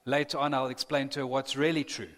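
A man's voice: medium pitch, little pitch movement, quick pace, a bit bright. Earnest preacher man in an echoing hall. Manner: earnest, builds to impassioned emphasis. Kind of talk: sermon. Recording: long reverb of a large hall.

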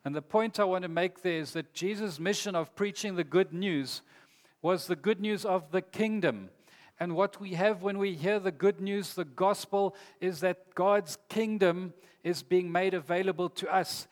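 A man's voice: fairly high pitch, unhurried. A man preaching a sermon in an earnest, emphatic way, reading scripture aloud. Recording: long hall reverb.

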